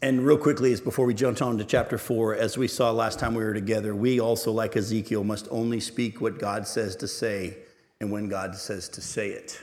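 A man's voice: lowish voice, flat delivery, moderate pace, darkish tone. Middle-aged man preaching in an echoey church. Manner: storytelling, earnest, building to emphatic exhortation. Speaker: pastor. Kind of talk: sermon. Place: church sanctuary.

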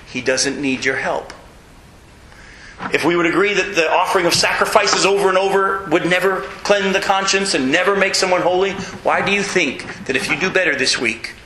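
A man preaching a sermon, animated storytelling that acts out voices and sometimes shouts. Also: fairly high pitch, echoey room, slight background noise, rough recording. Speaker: pastor.

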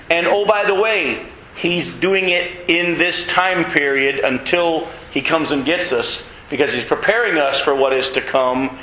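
A male pastor preaches in a fairly high, bright and forceful voice, firing questions at his congregation. He is recorded in an echoey church hall with a faint hum of room ambience. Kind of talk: sermon.

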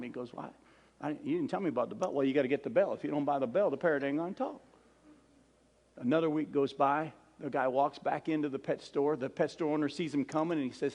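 A man preaching as a pastor, telling a joke with lively character voices before moving into an earnest prayer. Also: fairly high pitch, fast talker, long reverb tail. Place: church hall with a congregation.

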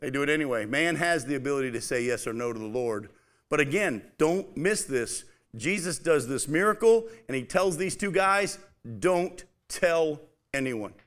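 A man teaching from the pulpit in a relaxed, conversational way, stopping to read passages aloud with emphasis. His voice sits a touch higher than most men's, and he leans into key phrases to drive them home. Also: moderate pace. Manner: animated, conversational, reads scripture aloud with emphasis. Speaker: pastor. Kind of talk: expository sermon with scripture reading.

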